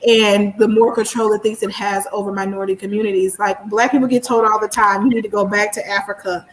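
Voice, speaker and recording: A woman's voice: mid-range voice, quick pace, few pauses, slight background noise, poor audio. A woman from Missouri with a Missouri accent, talking animatedly and emphatically in a casual book club discussion. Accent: Missouri American. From Missouri, USA. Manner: animated and emphatic, laughs at her own points.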